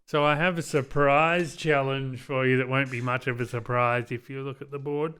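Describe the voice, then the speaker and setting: A man's voice: medium pitch, fairly even intonation, moderate pace, a bit bright, clean tone. A man in his thirties, co-hosting a casual podcast chat with dry, teasing humor. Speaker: podcast co-host.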